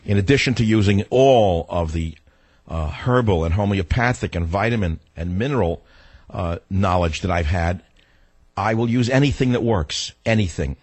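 A talk radio host launches into a combative, ranting monologue, his voice rough from illness and shooting up in pitch whenever he gets riled. He talks at normal speed, and the recording is dry.

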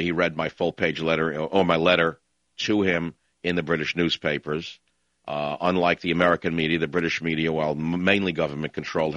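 A man's voice: rumbling low, a bit bright, dry recording. A man hosting a call-in talk radio show, ranting in a combative, scornful way over dull lo-fi broadcast audio.

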